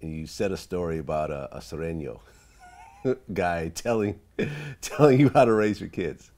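A man's voice: sits low, lively intonation, normal speed, a little mellow. A man interviewing a comedian, prompting him with cues to old stories and laughing along. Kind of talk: interview questions.

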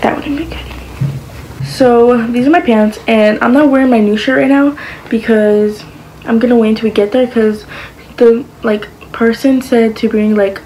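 A woman's voice: fairly high pitch, fairly even intonation, normal speed, mellow, slight background noise, poor audio. A woman vlogging in a casual chat to the camera, rambling along with lots of fillers and restarts.

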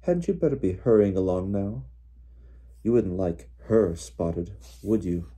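A man's voice: deep voice, expressive, measured pace, dark tone, husky, heavily acted. A man reading as a drawling sneering teen bully. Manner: lazy, mocking drawl.

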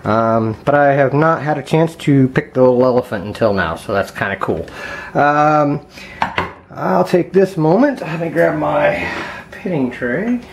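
A man casually talking viewers through picking a lock at his home workbench, thinking aloud with frequent ums and quiet mutters. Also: a little high, animated, measured pace, slight background noise. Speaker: lockpicking hobbyist. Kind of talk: casual hands-on demonstration vlog.

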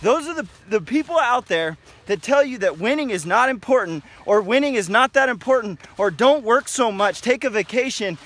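A man's voice: very high-pitched, a bit bright. A middle-aged man, a wrestling coach, giving an emphatic motivational pep talk outdoors while on a run, often checking in with "okay?". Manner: emphatic, repetitive, tags lines with "okay?".

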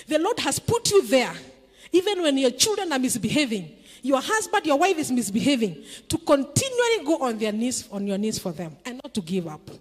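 A woman's voice: sits high, in a large hall. A middle-aged woman from Kenya preaching a sermon in a church, emphatic and asking the congregation questions. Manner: emphatic, call-and-response questions.

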